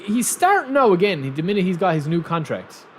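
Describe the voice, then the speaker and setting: A man streaming a football video game live, thanking viewers and shouting excitedly at his players. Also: sits high, a little fast, a little hiss or hum. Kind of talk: live gaming commentary.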